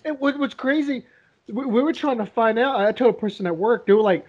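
A man's voice: very high voice, brisk, a little mellow, highs cut off. A man chatting casually, often laughing as he tells family stories. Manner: laughs through his stories. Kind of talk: casual chat.

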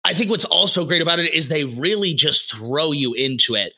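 A man co-hosting a podcast, chatting casually and excitedly about a cartoon series with lots of fillers. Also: on the high side, a little fast, husky. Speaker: podcast co-host.

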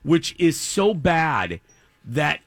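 A man hosting a podcast, talking about movies in an animated, exasperated way. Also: a little high, extremely slow, no echo. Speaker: podcast host. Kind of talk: casual chat about movies.

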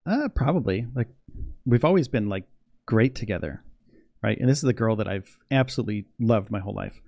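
A young man chatting casually on a livestream, rambling and excitable, laughing often. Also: on the low side, a little fast, creaky, no echo, muffled recording. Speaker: space news livestreamer.

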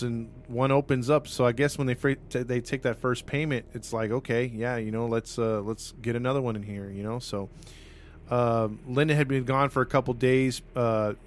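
A man's voice: mid-range voice, slight background noise. A man casually telling a true-crime story as a podcast host, rambling with lots of fillers.

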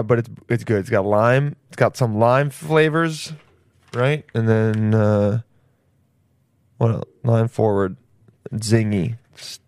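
A man's voice: medium pitch, darkish tone, clean tone, no echo. A man hosting his own podcast, rambling casually in slang and calling the listener "dude". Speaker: podcast host. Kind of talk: casual solo podcast monologue.

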